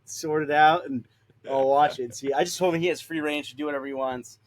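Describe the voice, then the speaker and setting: A man's voice: a little high, fairly even intonation, fast talker. A young man, a solo sailor guest on a podcast, talking in a laid-back way and laughing easily. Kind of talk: casual conversation. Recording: faint background noise.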